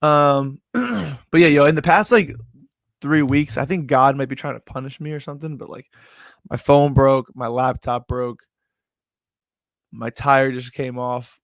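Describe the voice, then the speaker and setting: A young man hosting a sports betting show, telling a rambling, animated story in casual talk full of "like" and "yo". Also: medium pitch, measured pace, vocal fry, pauses often, dry recording, studio quality.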